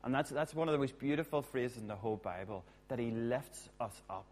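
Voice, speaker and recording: A man preaching a sermon as a pastor, chatty and jokey with quick asides. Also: medium pitch, a little mellow.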